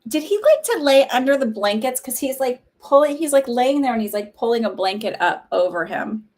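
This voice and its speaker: A woman talking casually on a livestream as a psychic medium, chatty and warm, with lots of "like" fillers. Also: high voice, lively intonation, brisk. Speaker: psychic medium hosting live readings.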